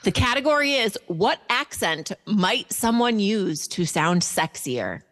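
A woman's voice: mid-range voice, very animated, a little slow, a bit bright. A woman hosting a casual podcast game night, playfully announcing answers and scores. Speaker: game show host. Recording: long reverb.

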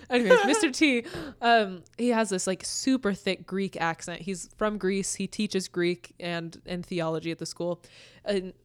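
Young woman podcaster, giggly and animated, smooth clear voice. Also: medium pitch, measured pace. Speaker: podcast co-host. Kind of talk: casual chat.

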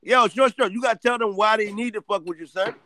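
A man's voice: high voice, quick pace, sharp tone, no echo. A man hosting a casual chat, teasing the others with crude banter and frequent laughter.

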